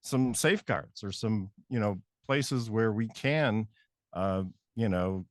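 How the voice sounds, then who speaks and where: A man co-hosting a studio show, speaking thoughtfully and haltingly, with many restarts. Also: lowish voice, dry recording. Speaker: co-host. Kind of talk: casual interview chat.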